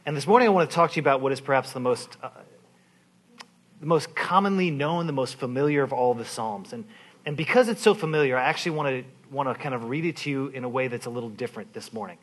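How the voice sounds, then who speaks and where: A man with a husky, slightly breathy voice leads a church service as pastor. He speaks casually with restarts and fillers, then slows to a soft, unhurried reading of scripture. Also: medium pitch. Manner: informal, restarts phrases, many "kind of" fillers; reads scripture slowly and softly. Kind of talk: sermon with prayer and slow scripture reading.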